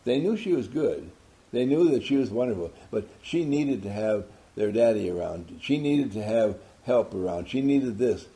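A man's voice: mid-range voice, expressive, moderate pace, dark tone. A man giving an emphatic motivational talk to a group, asking many rhetorical questions. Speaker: motivational speaker.

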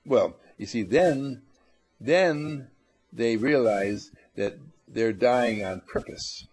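A man giving a spiritual lecture to a live audience, animated and teasing, acting out little scenes as he goes. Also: mid-range voice, extremely slow, breathy edge. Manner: animated, acts out little scenes in funny voices; coaxes and teases the audience. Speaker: motivational speaker.

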